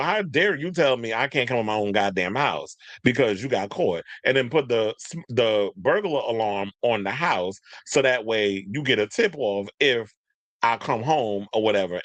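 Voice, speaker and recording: A man's voice: medium pitch, a bit bright, no room sound. Man, casual commentator, blunt and rambling, dry close sound.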